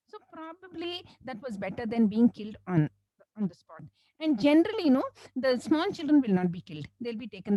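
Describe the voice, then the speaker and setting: A woman from South India, telling a religious story as a lecturer in an animated way, often saying "you know" and devotional phrases. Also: a little high, low-quality recording. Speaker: Islamic lecturer.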